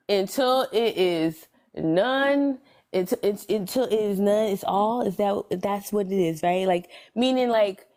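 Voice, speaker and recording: A woman on a panel in a live discussion chats casually and reflectively, thinking aloud, trailing off, restarting, and chuckling often. Her mid-range voice is slow-paced and darkish in tone.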